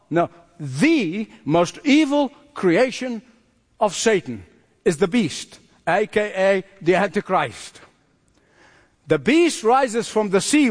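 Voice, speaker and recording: A man preaching a sermon, emphatic, acting out voices in quotes. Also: sits high. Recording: long hall reverb.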